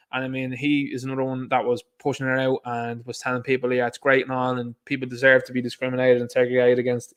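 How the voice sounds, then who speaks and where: Blunt man ranting. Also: medium pitch. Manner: blunt, mocking, rambling with restarts. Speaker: online show host. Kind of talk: opinionated commentary monologue.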